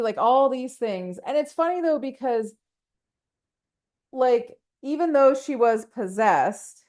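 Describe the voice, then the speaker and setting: A woman hosting a solo podcast, talking casually and rambling, laughing often and acting out quotes with lively ups and downs. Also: high voice, slow. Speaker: podcast host.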